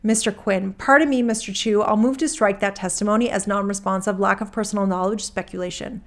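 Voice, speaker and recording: A woman's voice: mid-range voice, fairly even intonation, brisk, close to an everyday voice. A woman reading a court transcript aloud, voicing a male opposing attorney who makes curt, formal objections.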